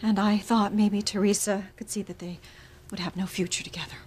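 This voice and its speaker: A woman's voice: mid-range voice, little pitch movement, fairly quick, a little mellow, breathy edge, lightly acted. A woman playing a guarded society woman. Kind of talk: TV soap opera acting.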